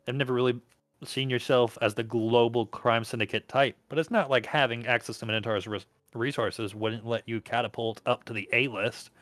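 Man reading a story game aloud, casual narration, middle pitch, dry close sound. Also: steady tone, moderate pace, fairly bright tone, no echo. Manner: reads along with stumbles and laughs.

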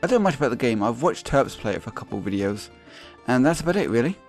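A man's voice: medium pitch, big pitch swings, rapid-fire, soft background music. A man giving sweary, sarcastic let's-play commentary as he plays a video game. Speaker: gaming YouTuber.

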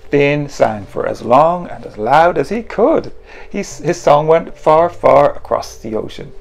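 A man, the author, reading his children's picture book in an animated, playful way and making the sound effects himself. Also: on the high side, a little slow, vocal fry, slight background noise.

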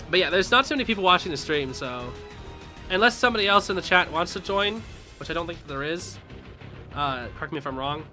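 A young man live-streaming a game, commenting casually and yelling and laughing at the action. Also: on the high side, lively intonation, normal speed, long pauses, soft background music. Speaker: streamer playing online matches.

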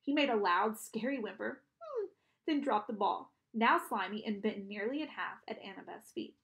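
A woman reading a children's novel aloud in an expressive narrating style. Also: mid-range voice, moderate pace. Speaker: audiobook reader. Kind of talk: storybook narration.

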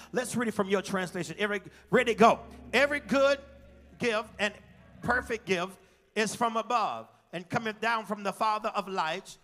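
Male pastor, high gravelly voice, call-and-response sermon, live church stream with music. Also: bright, forceful tone. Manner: call-and-response preaching, sings phrases. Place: large church.

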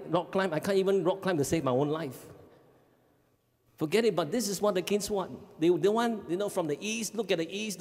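Man, Singaporean English, family life educator, seminar talk, animated with audience check-ins, slightly high pitch, hall reverb. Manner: animated, acts out kids' voices, frequent "okay?" checks.

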